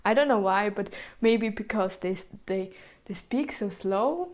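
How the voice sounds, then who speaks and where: A young woman speaking English with a Swiss German accent gives an informal presentation. She talks at an unhurried pace, pausing often with ums and correcting herself. Her pitch sits in an ordinary middle range. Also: a little mellow. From Switzerland. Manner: hesitant, with many ums and self-corrections.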